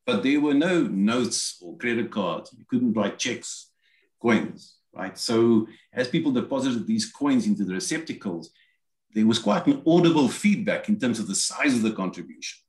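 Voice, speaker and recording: A man's voice: medium pitch, lively intonation, normal speed, darkish tone. A man preaching a sermon, explaining scripture and voicing quoted lines as he goes. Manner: expository, quotes scripture in acted asides. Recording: roomy echo.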